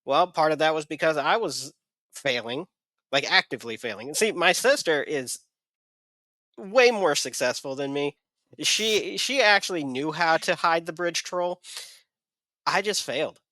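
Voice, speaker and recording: A man shares difficult memories in a candid podcast talk, hesitating and restarting his sentences. His voice is bright and a little tense. The recording is dry, with no room sound. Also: a little high, animated, no room sound. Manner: halting, hesitant, many restarts. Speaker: podcast guest. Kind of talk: candid personal conversation.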